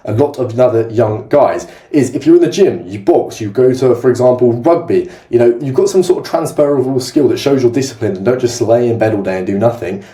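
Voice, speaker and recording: Fast-talking young man coaching. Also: mid-range voice, dark tone. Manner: brisk, blunt and direct, with casual swearing. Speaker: sales coach. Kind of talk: casual talking-head tutorial. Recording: roomy echo.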